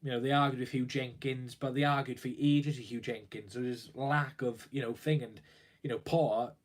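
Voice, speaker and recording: A young man on a casual live stream, sounding worried as he rambles along, restarting sentences and filling gaps with ums. His pitch sits at a middling level for a man. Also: steady tone, moderate pace. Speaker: football fan livestreamer.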